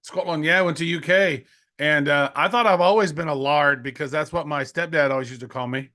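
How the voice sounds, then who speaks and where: A middle-aged man co-hosting a podcast, telling stories in an excitable, slangy way and laughing often. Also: on the high side, brisk. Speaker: podcast co-host. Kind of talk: casual podcast chat.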